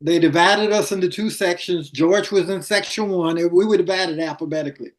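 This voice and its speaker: A man's voice: high-pitched, fairly quick. An older man, a former attorney, reminiscing in a casual interview and acting out quoted lines in his anecdotes.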